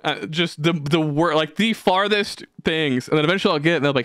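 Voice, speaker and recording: Lively young man with a smooth, clear voice. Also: fairly high pitch, fast talker, few pauses, dry recording, clean studio sound. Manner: animated, swearing storyteller. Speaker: podcast host. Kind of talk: casual chat.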